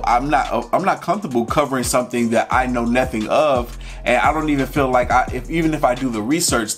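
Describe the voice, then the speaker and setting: Candid, emotional man vlogging. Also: mid-range voice. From Georgia, USA. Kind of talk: personal storytelling to camera.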